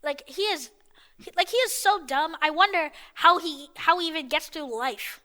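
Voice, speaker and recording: A woman's voice: sits high, moderate pace, bright, forceful tone. A woman narrating a story in a chatty, exasperated, mocking way.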